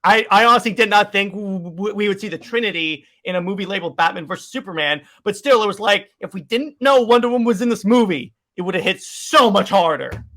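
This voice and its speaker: A man co-hosting a podcast in casual chat, talking excitedly with many stammered restarts. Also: high voice, brisk, hardly any pauses. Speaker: podcast co-host.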